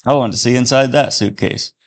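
A man's voice: mid-range voice, brisk, close to an everyday voice. A man reading a story aloud, voicing a stern, brusque male border guard who barks curt orders.

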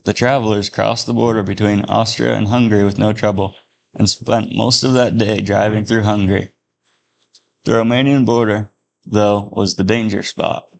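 Low, gravelly male storyteller. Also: fairly even intonation, moderate pace, darkish tone. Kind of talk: reading a Christian story aloud.

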